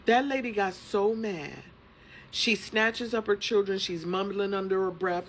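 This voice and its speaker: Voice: mid-range voice, unhurried, fairly bright tone, slight background noise, rough recording. A front-desk receptionist telling a sassy, emphatic storytime. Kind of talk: storytime video.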